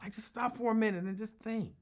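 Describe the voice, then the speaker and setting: A man's voice: high voice, steady tone, brisk. A man hosting a call-in talk show, giving casual commentary in an emphatic, argumentative way and repeating his points for effect.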